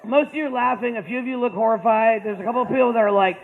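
High-voiced man telling jokes, tinny sound. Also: racing, creaky. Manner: animated, joking, shifts between loud punchlines and quiet stretches. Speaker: motivational speaker. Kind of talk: storytelling talk to students. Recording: tinny phone-like audio.

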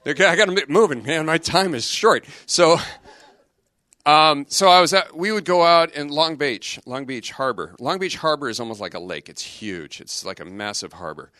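A middle-aged religious brother gives a lively youth talk, chatting and joking with lots of rhetorical questions. His voice sits a little high and moves at a moderate pace. The studio recording is clean with no echo.

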